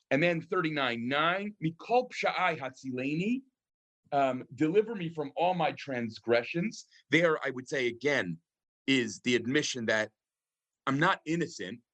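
A man lecturing on scripture with an easy, thinking-aloud manner. He reads a line, pauses on an "um", then explains it. His voice sits at an ordinary middle pitch. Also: a bit bright. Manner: thoughtful, frequent ums, reads verses then translates. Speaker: rabbi teaching a class.

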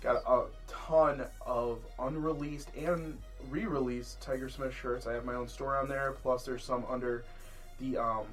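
A man hosting a casual podcast chat, swearing freely and laughing as he tells animated stories. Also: mid-range voice. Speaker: podcast host.

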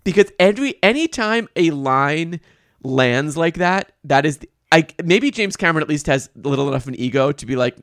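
A woman's voice: deep voice, expressive, a little fast, no echo, clean studio sound. A woman co-hosting a podcast, recapping a movie in casual, sarcastic chat and laughing often. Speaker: podcast co-host.

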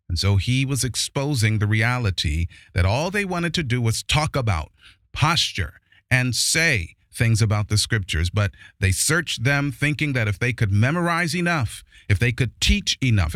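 A man preaching a sermon who reads scripture slowly and with emphasis, then explains it with force. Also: medium pitch, fairly bright tone, dry recording, studio quality.

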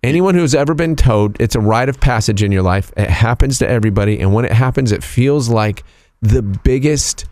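A man hosting a radio show, telling a story in a casual, animated, teasing way. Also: mid-range voice, a little fast, no room sound.

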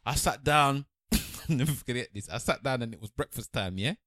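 A young man, telling lively stories with frequent laughter in casual podcast banter. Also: mid-range voice, normal speed, dry recording, clean studio sound. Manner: animated storyteller, laughs mid-sentence. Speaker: co-host.

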